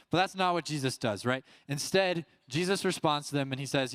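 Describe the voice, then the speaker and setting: A man's voice: fairly high pitch, fairly quick, a bit bright, smooth, no room sound. A young man, a youth pastor, preaching a casual youth sermon and telling the story loosely, acting out the voices of the people in it. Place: youth service room.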